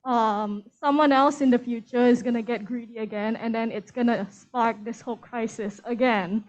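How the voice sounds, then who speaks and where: A woman's voice: on the high side, steady tone, normal speed. Shivering woman asking from the audience. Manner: quiet and nervous. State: shivering from cold, voice shaking. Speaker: audience member asking a question. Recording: dull lo-fi sound.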